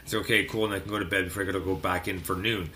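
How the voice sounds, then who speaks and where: A man from Canada hosting a music radio show, chatting casually and telling a rambling story full of fillers and animated outbursts. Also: low-pitched, very fast, a little hiss or hum. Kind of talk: casual chat.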